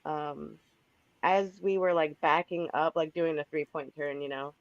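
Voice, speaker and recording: A woman's voice: deep voice, fairly even intonation, unhurried, dry recording. Sick-sounding woman calling in. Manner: chatty, laughing between sentences. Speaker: caller. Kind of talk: casual storytelling. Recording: dull lo-fi call-in line.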